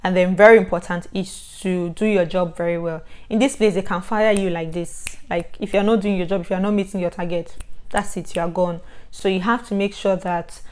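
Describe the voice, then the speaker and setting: A woman from Nigeria with a Nigerian accent, giving chatty advice in a vlog, animated and given to loud bursts. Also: on the low side, a little fast, clean tone. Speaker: vlogger.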